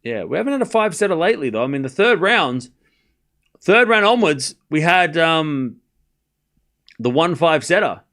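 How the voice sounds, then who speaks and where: A man's voice: on the high side, sing-song, normal speed, long pauses, fairly bright tone. A man hosting a live tennis watchalong, chatting casually with viewers and calling out scores in a jokey, rambling way. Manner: chatty, jokey, calls scores while reading chat. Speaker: watchalong host.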